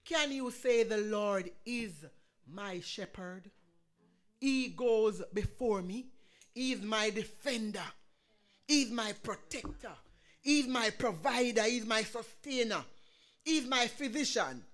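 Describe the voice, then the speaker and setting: A woman pastor delivers a sermon with fervor. She rises to ringing calls, then drops to a soft, hushed prayer. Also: fairly high pitch, animated, slow pace. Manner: passionate preaching, swings from loud calls to hushed prayer.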